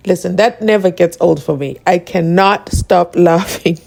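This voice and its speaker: A woman's voice: lowish voice, measured pace, vocal fry, darkish tone. A woman hosting a casual commentary vlog, asking rhetorical questions and laughing often. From South Africa. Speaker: channel host.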